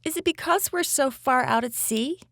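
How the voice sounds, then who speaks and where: A woman voicing a curious, brave little girl with a high, excited voice in a storybook. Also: normal speed, no room sound, clean studio sound. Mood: wistful.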